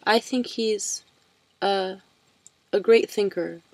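A woman voicing a shy, withdrawn young man who speaks quietly and hesitantly. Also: mid-range voice, slow, no echo.

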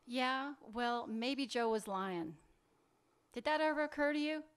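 A man reading fiction aloud, voicing a sharp-tongued, sarcastic wife who demands answers. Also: extremely high pitch, expressive, unhurried, clean tone, voice pushed up, exaggerated voice. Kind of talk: literary reading, acted dialogue.

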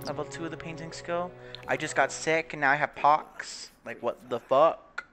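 A man's voice: a little high, moderate pace, pushed and bright, soft background music. A young man giving casual, profane commentary on a life-simulation game, laughing often and putting on mocking voices. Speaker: gaming video creator.

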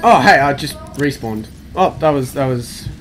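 A man's voice: mid-range voice, lively intonation, moderate pace, music in the background. A young man commentating his own gameplay, panicky and exclaiming, talking to himself as he plays. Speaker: let's play gamer.

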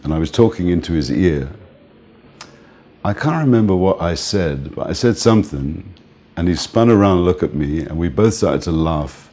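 An older man interviewed as a music manager, telling relaxed stories and often laughing and saying "man". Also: sits low, normal speed. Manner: relaxed, reminiscing, often says "man", laughs between points. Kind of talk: casual storytelling interview.

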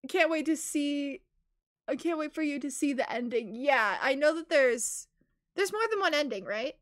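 A young woman with a high, bright voice talks through a game on a live stream. Her chat is excitable and rambling, punctuated by squealing giggles. The tone stays crisp and upbeat. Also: normal speed. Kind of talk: casual live gameplay commentary.

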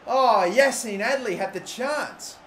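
An Australian man commentating his own football video game career, calm musing that bursts into loud shouting at big moments. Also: very high-pitched, slow. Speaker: gaming YouTuber. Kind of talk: excited gameplay commentary. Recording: echoey room with faint noise.

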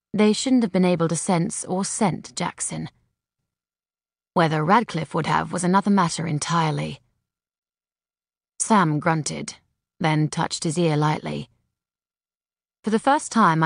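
A woman reading a first-person novel aloud as an audiobook narrator, in a steady, dry storytelling manner. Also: low-pitched, a little slow, gravelly, long pauses, no room sound.

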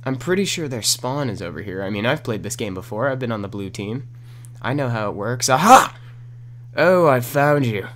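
A man giving casual, rambling gameplay commentary at home into a new desk microphone, breaking into loud outbursts at the game. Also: lowish voice, expressive, a little fast, slight background noise. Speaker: gaming commentator. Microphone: new desk condenser microphone.

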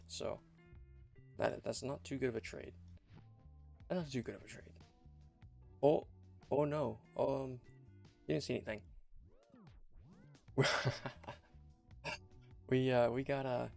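A young man talks through a simulation game in a loose, chatty way, circling back and repeating himself as he goes. His voice is heavily gravelly with lots of vocal fry, pitched at an ordinary male level. Faint game music plays quietly underneath. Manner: rambling and chatty, repeats and restarts phrases. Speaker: game commentator. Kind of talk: casual let's-play commentary.

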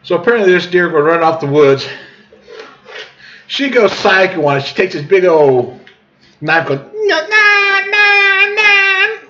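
A man's voice: fairly high pitch, normal speed, pauses often. A man, rambling through a folksy tall tale and chuckling on tangents. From southern Missouri. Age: 40s. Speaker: storyteller. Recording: dull lo-fi recording.

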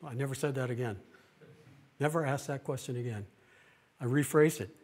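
A middle-aged man, a pastor, giving a plain-spoken sermon-style talk, earnest, with pauses and restarts. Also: medium pitch, a little mellow, slightly rough.

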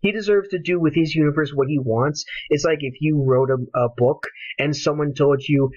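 A man's voice: a little high, normal speed, hardly any pauses, a little mellow, no room sound. A man ranting angrily about a game, with passionate, profane talk. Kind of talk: heated solo rant. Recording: dull lo-fi home recording.

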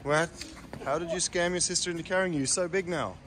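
A man narrating a walk along city canals to the camera, teasing and animated like a tour guide. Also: a little high, fast talker. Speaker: family vlogger. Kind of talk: casual vlog narration. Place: outdoors walking by city canals. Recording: clear street noise behind.

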